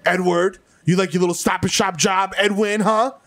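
A New man co-hosting a studio comedy podcast, his voice sitting a little high. He talks with cocky swagger and rattles off profane, boastful riffs. Faint music plays behind him. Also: steady tone, moderate pace, a bit bright, dry recording. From the Bronx, New York. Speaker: podcast co-host. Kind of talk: riffing comedy podcast banter.

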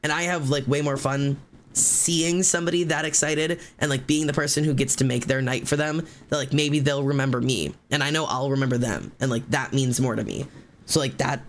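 A man streaming live, telling a long story in casual chat, rambling and fast with many fillers and restarts. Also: medium pitch.

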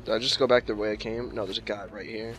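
A man's voice: on the low side, level tone, fast talker, a bit bright, faint music behind. A man playing a video game and commenting casually, swearing often and snapping back at the game with exasperated outbursts. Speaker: let's play gamer.

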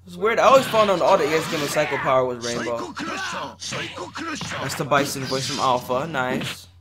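A man's voice: on the high side, moderate pace. A man giving offhand, wry gameplay commentary as a channel host, swearing freely. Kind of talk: casual gameplay commentary voice-over. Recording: loud noise under the voice.

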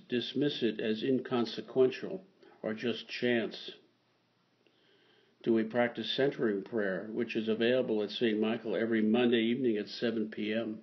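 A man preaching a homily in a slow, measured way, sometimes repeating a word to get it right. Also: mid-range voice, lo-fi sound. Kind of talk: sermon.

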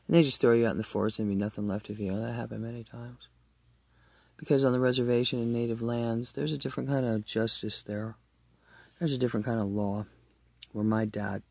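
A man rambling through an emotional monologue in a vlog, talking aloud to his late father, with his loudness swinging widely from line to line. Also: mid-range voice, steady tone, normal speed, creaky, breathy edge, dry recording.

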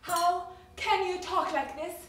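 An actress playing a poised, evasive wife who answers with a soft, soothing, deflecting delivery in a stage play. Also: female voice, extremely high pitch, slow pace, heavily acted. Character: evasive, coaxing wife, poised and coolly teasing. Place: theater stage. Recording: very echoey theater, faint noise.

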